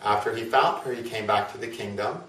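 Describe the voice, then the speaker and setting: A man's voice: on the low side, fairly quick, fairly bright tone. Man astrologer telling a myth, casual and chatty, kinda far from the mic. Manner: chatty, with fillers and tag questions. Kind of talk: casual storytelling lecture. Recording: roomy, from a distance.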